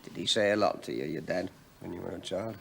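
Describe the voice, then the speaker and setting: An actor playing a stubborn middle-aged male research professor who talks in halting, rambling, defensive bursts. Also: low voice, gravelly, a bit bright, slight background noise, heavily acted. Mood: brooding. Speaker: research scientist. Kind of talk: 1980s television drama.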